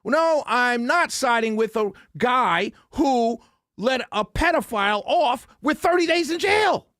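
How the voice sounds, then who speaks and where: A man's voice: extremely high pitch, expressive, measured pace, a bit bright, dry recording, clean studio sound. A man hosting a political commentary, ranting off the cuff with incredulous, exasperated outbursts, stammering repetitions and scoffing laughs.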